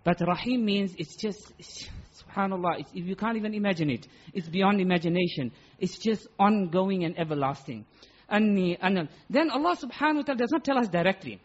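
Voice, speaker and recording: A man with a high, husky voice delivers a sermon, stressing key words by repeating them. The recording sounds dull and muffled. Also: a little fast. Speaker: Islamic preacher. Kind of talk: sermon explaining Quranic Arabic.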